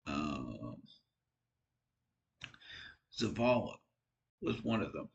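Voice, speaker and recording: A man's voice: very deep voice, big pitch swings, very slow, creaky, muffled recording, a little hiss or hum. A tired man giving casual, frank football commentary on his own channel, rambling and poking fun at himself. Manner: rambling, frank, self-deprecating. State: tired, yawning. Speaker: sports fan vlogger.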